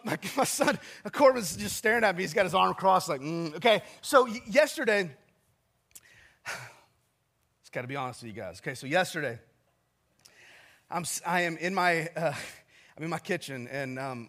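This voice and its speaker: Man, forties, pastor, high-pitched, chatty self-deprecating sermon, church sanctuary. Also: a bit bright. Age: 40s. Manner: chatty, self-deprecating storytelling with audience asides.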